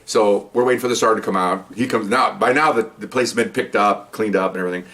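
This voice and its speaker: A man's voice: on the low side, fast talker, a bit bright. An older man, a retired police officer, telling a story in a rambling, folksy way, with many asides and "okay?" tags. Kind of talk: casual storytelling.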